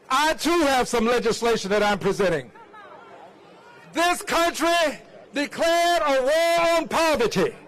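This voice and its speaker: A man's voice: extremely high pitch, a bit bright, rough recording. A lawmaker giving a fiery, impassioned rally speech, repeating a refrain and drawing out his emphatic words. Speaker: lawmaker speaking at a public rally.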